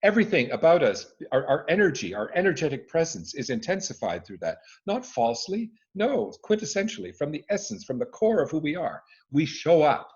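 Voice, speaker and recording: Expressive man coaching over a lo-fi call. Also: fairly high pitch, brisk, hardly any pauses. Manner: expressive, emphatic, frequent restarts. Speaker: speaking coach and former conductor. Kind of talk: expert answering interview questions. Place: his living room at home. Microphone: video call. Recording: dull lo-fi video call audio.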